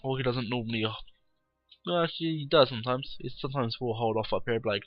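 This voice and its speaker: A man's voice: medium pitch, quick pace, no room sound, dull audio, faint music behind. A tired man who yawns now and then, giving casual, rambling, blunt commentary on a game replay and swearing freely. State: tired, yawning.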